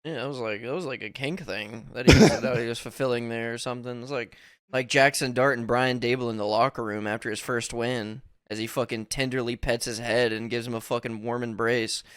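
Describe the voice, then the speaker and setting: A man co-hosting a casual podcast chat, talking in an emphatic, profane way and tossing off strong opinions. His voice is smooth and resonant, recorded close and dry with no room sound. He sits at a middling pitch for a man. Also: fairly even intonation, brisk, fairly bright tone, dry recording. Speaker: podcast co-host.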